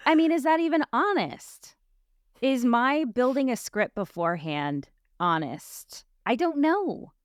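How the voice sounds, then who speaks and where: A woman's voice: high voice, no echo. Candid woman host, dry close sound. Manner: candid, reflective storytelling with frequent restarts. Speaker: life coach and podcast host. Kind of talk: casual chat.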